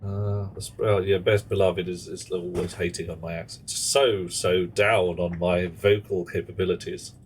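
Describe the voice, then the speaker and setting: A man's voice: sits low, steady tone, moderate pace, hardly any pauses, a little hiss or hum. A man streaming a game, talking to himself and chatting asides as he works through it. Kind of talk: live gameplay commentary. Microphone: headset.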